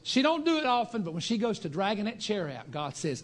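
A preacher man telling a folksy testimony to a congregation, building into shouted fervor. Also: high-pitched, big pitch swings, a little fast.

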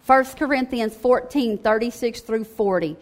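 Female preacher, fairly high voice, informal and emphatic delivery. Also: measured pace. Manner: conversational, emphatic, keeps asking "okay?". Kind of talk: sermon.

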